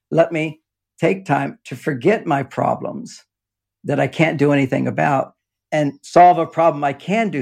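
A man's voice: mid-range voice, gravelly, slightly rough. An older man talking in a rambling, explanatory way in a casual interview, often breaking into laughter, speaking from an underground home office. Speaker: relationship author and guest.

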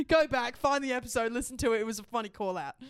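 Lively high-voiced woman laughing. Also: dry recording. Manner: laughs often, excitable storytelling. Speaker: podcast co-host. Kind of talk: casual chat.

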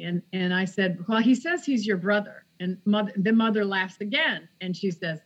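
A woman's voice: mid-range voice, animated, moderate pace, lo-fi sound. A woman author, a podcast guest, telling a personal story in a casual interview and acting out the quoted dialogue.

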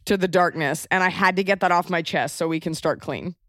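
A woman's voice: lowish voice, brisk, a bit bright, no room sound, studio quality. A woman hosting an interview, with a gushing, giggly and candid way of talking. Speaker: podcast host. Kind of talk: casual interview chat.

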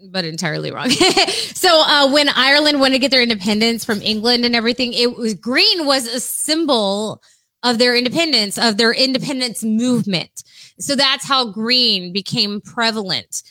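A woman with a bright, rather high voice, chatting casually and teasingly with her co-host. She laughs easily. The sound is dry and close. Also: expressive, moderate pace, no room sound. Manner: playful, giggly, teasing. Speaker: podcast co-host. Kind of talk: casual chat.

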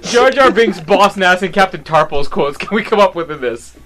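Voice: medium pitch, lively intonation, moderate pace, heavy background noise. A co-host giving casual movie commentary, giggly, rambling and opinionated. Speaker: podcast co-host.

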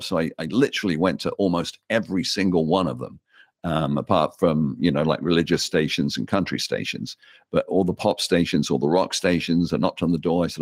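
A man with an English accent, a veteran radio DJ telling lively stories in a casual interview. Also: low voice, a little fast, no room sound, clean studio sound. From England. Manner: animated anecdotal storyteller. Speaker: radio DJ guest.

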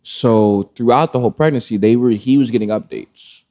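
A man's voice: mid-range voice, normal speed, warm tone. A man in a casual chat, telling a long personal story in a rambling way, full of fillers and swearing. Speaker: podcast guest telling a story.

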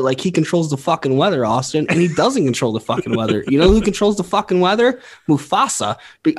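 A man's voice: a little high, breathy edge. A man co-hosting a comedy podcast, ranting casually and swearing a lot. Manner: profane, ranting. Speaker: podcast co-host.

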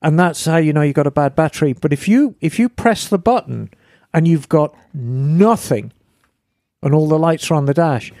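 A woman, co-hosting a podcast in a chatty, lively way with playful asides. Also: deep voice, normal speed, dry recording, clean studio sound. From England. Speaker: podcast co-host. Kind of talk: casual podcast chat.

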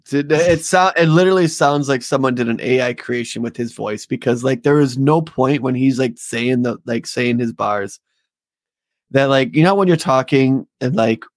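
A man's voice: medium pitch, normal speed, no room sound, studio quality. A man co-hosting a casual political podcast, rambling with many fillers. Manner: rambling, filler-heavy, talkative. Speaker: podcast co-host.

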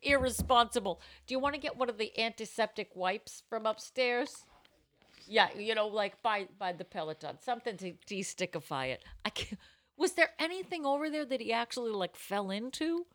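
A woman's voice: a little high, expressive, moderate pace, a bit bright. A woman hosting a cocktail show, reading tasting notes and bantering in a brash, wisecracking way. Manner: brash, wisecracking, bursts of laughter.

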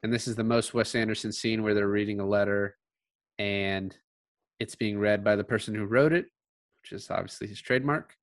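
A man co-hosting a casual podcast, relaxed and given to laughing as he talks about a film. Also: fairly low pitch, brisk, dry recording. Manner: relaxed, laughs often, quotes film lines in passing. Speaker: podcast co-host.

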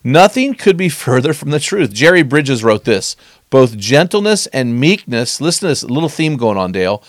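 A middle-aged man teaching on scripture in an earnest, conversational way, slowing down to stress key phrases. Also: medium pitch, sing-song, no room sound, clean studio sound.

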